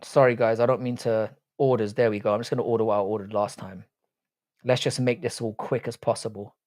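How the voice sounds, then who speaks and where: A man's voice: on the low side, fairly even intonation, a little fast, darkish tone, no room sound, studio quality. A man hosting a live stream in casual chat, swearing freely and bantering with his viewers.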